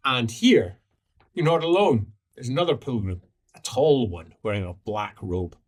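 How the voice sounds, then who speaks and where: A man's voice: medium pitch, expressive, measured pace, darkish tone, husky. Man narrating as game master.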